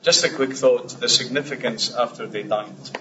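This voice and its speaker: A man's voice: medium pitch, moderate pace, sharp tone. A man offering a short, formally worded comment at a Bible meeting, heard from across the room. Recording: roomy, distant, dull, hissy.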